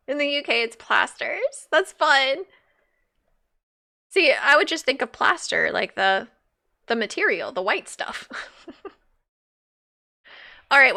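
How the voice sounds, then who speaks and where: A woman's voice: sits high, pushed and bright. A woman streaming a game live, chatting playfully, laughing and reading chat aloud. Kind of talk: casual live-stream commentary.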